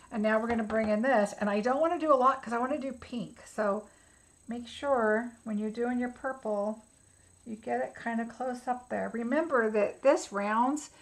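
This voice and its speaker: A woman's voice: on the high side, low-quality recording. A woman giving a casual step-by-step craft tutorial, chatty and instructive, thinking aloud as she works. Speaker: craft demonstrator.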